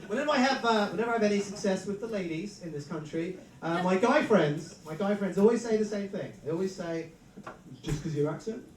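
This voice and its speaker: A man's voice: high-pitched, expressive, quick pace, few pauses. English male emcee, thirties, self-mocking banter; distant mic in a reverberant room. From England. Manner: self-mocking storytelling with frequent laughs. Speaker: host. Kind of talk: stand-up comedy hosting. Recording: roomy live venue mic from a distance, crowd noise.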